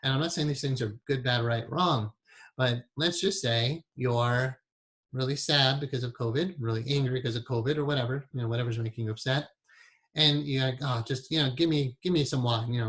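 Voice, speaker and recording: A man's voice: mid-range voice, a bit bright. A man teaching a hypnotherapy class in a conversational way, with frequent laughs and many asides.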